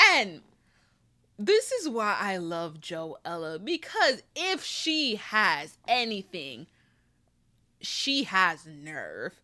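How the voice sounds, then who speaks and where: A woman's voice: mid-range voice, huge pitch swings, extremely slow, pushed and bright. A woman giving casual review commentary on a TV show, emphatic and repetitive, with lots of "like" fillers.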